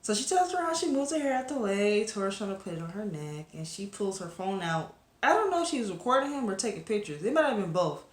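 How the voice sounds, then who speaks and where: A woman's voice: medium pitch, big pitch swings, fast, hardly any pauses, reverberant. A woman reviewing a webcomic episode to camera in a casual, rambling chat full of fillers and asides to her viewers.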